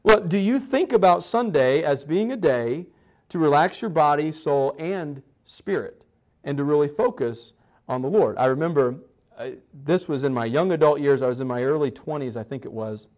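A man gives a sermon in a relaxed, storytelling manner, often stammering and restarting his sentences. His voice sits a bit high for a man. The recording is dull and lo-fi, as if taped in a church. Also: normal speed. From United States. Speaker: pastor.

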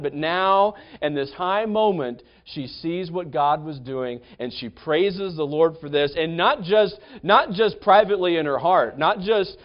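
A man's voice: high-pitched, highs cut off. A man preaching a sermon as pastor, telling the story in a conversational way with frequent restarts.

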